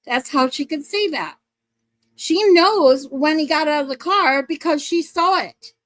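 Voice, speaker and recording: A woman with a high, bright-pitched voice gives casual true-crime commentary. She is blunt, swears freely and breaks in over paused clips. The sound is dry and close. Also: dry recording.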